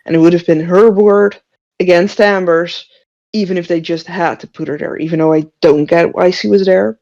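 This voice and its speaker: A woman's voice: lowish voice, a little mellow. Incredulous woman on dull lo-fi audio. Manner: incredulous, questioning. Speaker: podcast co-host. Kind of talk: casual fan discussion. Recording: dull lo-fi sound.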